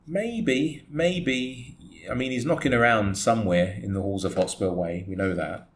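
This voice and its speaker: A man co-hosting a casual football podcast, animated and laughing often as he jokes. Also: medium pitch, measured pace. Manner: animated, laughs a lot while joking. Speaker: podcast co-host. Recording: echoey room with faint noise.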